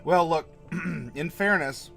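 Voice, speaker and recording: A man from Florida hosts a casual livestream, reading viewer comments and chatting with them in a rambling, friendly way, laughing often. His voice is a little high and fairly bright, he speaks slowly, and soft music plays in the background.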